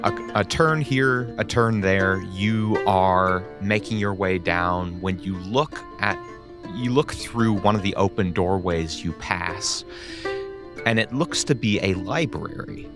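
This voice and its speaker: A man's voice: low-pitched, slow pace, over music. A man narrating as game master of a tabletop role-playing game, in a wry, laid-back way.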